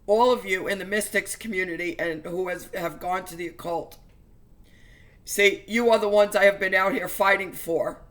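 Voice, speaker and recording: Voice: medium pitch, moderate pace, a bit bright. Earnest, fervent religious vlogger. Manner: earnest, fervent, stumbling restarts. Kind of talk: emotional personal testimony to viewers.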